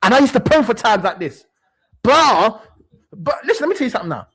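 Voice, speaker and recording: A young man hosting a football livestream rants heatedly and animatedly, swearing and repeating phrases for emphasis. His voice is very high-pitched, slightly rough and a little fast.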